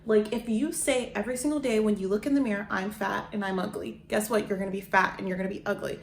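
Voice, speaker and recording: A woman's voice: mid-range voice, racing, roomy sound. A woman vlogging in a casual, effusive chat to camera, full of "like" and "guys". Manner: chatty, effusive, lots of "like" and "guys". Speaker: lifestyle vlogger.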